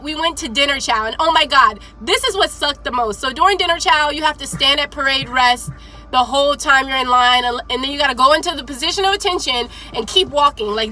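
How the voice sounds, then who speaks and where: A young woman in her twenties telling a story to camera in an animated, profane, laughing way. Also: sits high, poor audio. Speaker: vlogger.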